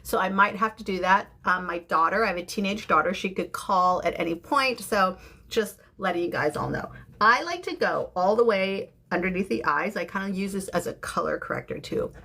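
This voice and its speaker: A woman in her fifties from San Francisco, chatting casually during a makeup livestream and greeting viewers by name, with bursts of high excitement. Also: normal speed. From San Francisco, USA. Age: 50s. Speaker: beauty creator.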